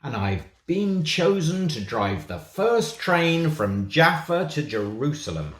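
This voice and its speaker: A proud, boastful train engineer from a children's storybook, as a man reading aloud puts him on. He sounds cheerful and pleased with himself, and his voice swings up and down with lively pitch. The sound is roomy, with a clear echo. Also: fairly quick, lightly acted. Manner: cheerful, bragging.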